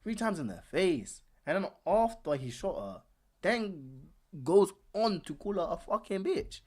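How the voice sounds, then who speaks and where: A man with a high, sing-song, breathy voice of darkish tone hosts a live stream at an unhurried pace. His casual commentary is animated and slang-heavy, and he repeats himself often.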